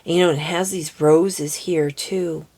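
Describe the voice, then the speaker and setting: A woman with a somewhat low voice gives a casual oracle card reading. She is chatty and giddy and laughs easily. She reads the card texts aloud and slows down over unfamiliar words. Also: fairly even intonation, warm tone.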